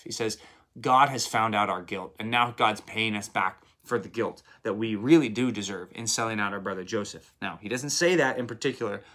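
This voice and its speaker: Man teaching Bible stories casually. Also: on the low side. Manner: retells scripture in lively paraphrase with acted quotes.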